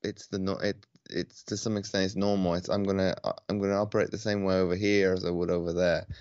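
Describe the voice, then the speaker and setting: Laid-back deep-voiced man on a call. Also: flat delivery, fast talker, darkish tone, no echo, muffled recording. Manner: laid-back, hesitant with many restarts. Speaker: podcast host. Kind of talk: casual conversation. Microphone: video call.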